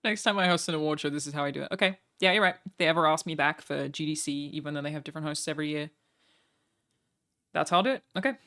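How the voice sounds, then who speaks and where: A young woman talks casually to her live-stream audience, her voice bright and forward. She jokes at her own expense and keeps breaking off into quick asides. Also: sits low. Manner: chatty, joking and self-mocking, quick asides. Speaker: streamer reacting to a broadcast.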